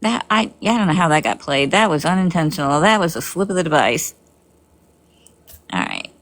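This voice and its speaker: A woman's voice: sits low, lively intonation, brisk, fairly bright tone. A woman hosting a livestream, chatting casually and rambling with restarts. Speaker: livestream host.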